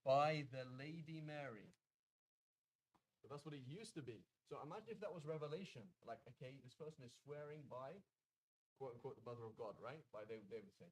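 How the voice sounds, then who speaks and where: A man's voice: medium pitch, expressive, fast talker, darkish tone, slightly rough, rough recording. A British man teaching a Quranic Arabic class in a conversational way, often checking in with "right?". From Britain.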